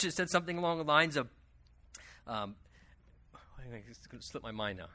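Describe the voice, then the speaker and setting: Male pastor, Bible teaching, lively swooping delivery, slightly high voice, chatty asides. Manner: conversational and animated, with asides and quick self-corrections.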